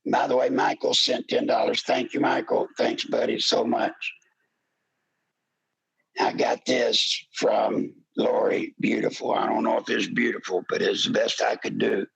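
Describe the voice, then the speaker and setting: An older man hosting a political talk radio show, speaking with a gravelly voice in an impassioned, pleading monologue that rises into shouts. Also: mid-range voice, flat delivery, a little slow, poor audio.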